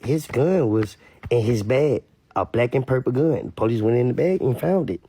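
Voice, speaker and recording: A man giving casual street commentary to camera, animated and repetitive, sometimes mimicking others in a high voice. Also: moderate pace, husky, no echo.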